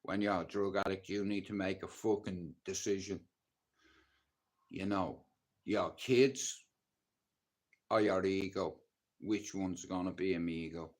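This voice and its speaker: A man with a Dublin accent speaks in a blunt, intense way. He talks casually and swears freely as he tells his own rough life story to a livestream audience. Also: sits low, steady tone, unhurried, pauses often. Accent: Dublin Irish.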